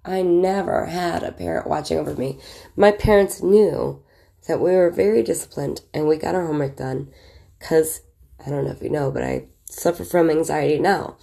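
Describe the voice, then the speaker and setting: Woman, 30s, vocal fry, deep voice; relaxed, candid storyteller full of fillers. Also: moderate pace. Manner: chatty and candid, with frequent fillers and laughs. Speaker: vlogger. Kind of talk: casual storytelling, recalling childhood.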